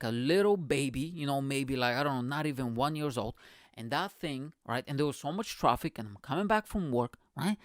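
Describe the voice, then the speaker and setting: A man's voice: fairly high pitch, dry recording, clean studio sound. Rambling, ranting young man comedian. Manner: animated, swearing, ranting, rhetorical asides. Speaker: podcast host, comedian.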